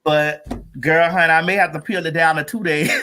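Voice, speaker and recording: A man hosting a casual live-stream show, talking in a loud, sassy, playful way. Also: on the high side, normal speed. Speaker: host.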